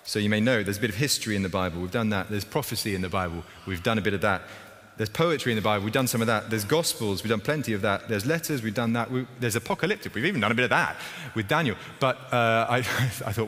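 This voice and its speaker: A male pastor giving a conversational sermon, with lively emphasis and wry asides. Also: lowish voice, fast talker. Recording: reverberant hall with faint ambience.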